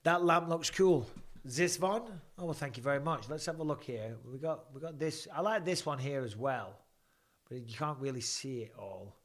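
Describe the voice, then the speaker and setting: He's a live stream host in his forties, talking his way casually through fight commentary at home with jokes and answers to viewer questions. The voice is medium-pitched and expressive, at a moderate pace, and the banter is chatty as he reads questions aloud.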